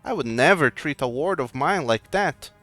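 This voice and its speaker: A man voicing a smooth-talking patron who tries to lure a young fighter away, speaking in a slow, coaxing voice. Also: fairly high pitch, animated, a bit bright, soft background music, pitched above the performer's own voice.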